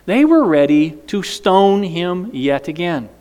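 A man's voice: high-pitched, big pitch swings, slow, darkish tone, clean tone, long reverb tail. A man preaching a sermon, dramatic and questioning the congregation directly. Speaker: pastor.

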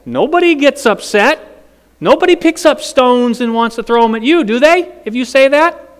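A man's voice: very high-pitched, lively intonation, moderate pace, clean tone, long reverb tail. A man preaching a sermon, dramatic and questioning the congregation directly. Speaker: pastor.

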